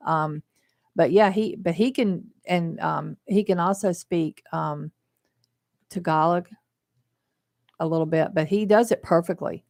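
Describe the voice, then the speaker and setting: A woman co-hosting a local radio show, reading the weather and chatting casually, with lots of quick agreeing interjections. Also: lowish voice, gravelly, darkish tone, no echo, studio quality. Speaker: radio co-host doing the weather. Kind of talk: weather report and casual banter. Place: radio studio.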